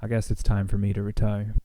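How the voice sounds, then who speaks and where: A young man telling a comic story in a deadpan, mock-serious rambling way, like a vlogger's monologue. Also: on the low side, no echo. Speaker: comedy vlogger.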